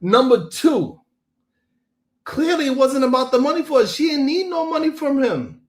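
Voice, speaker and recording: A man hosting a comedic livestream, reacting to clips with loud, incredulous, slang-heavy talk. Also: extremely high pitch, very animated, moderate pace, echoey room. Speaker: livestream host.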